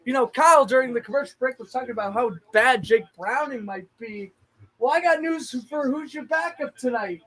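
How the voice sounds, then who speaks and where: An excitable man with a strikingly high voice calls a football game play by play in a live fan watch-along. He chats and jokes with friends between snaps. He breaks into shouts when the big plays come. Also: fairly quick, low-quality recording.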